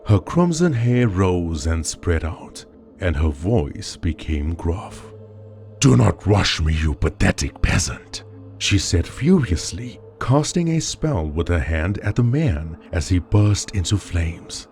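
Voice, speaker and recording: A man narrating a dark horror story in a slow, dramatic storytelling style. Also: deep voice, big pitch swings. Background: faint background music.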